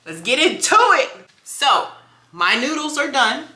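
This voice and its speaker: A woman's voice: sits high, very animated, measured pace, sharp tone, roomy sound. A woman filming a casual home cooking vlog in her kitchen, chatting and joking with viewers as she cooks. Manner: chatty and joking, talks straight to viewers as y'all. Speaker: home cook vlogger.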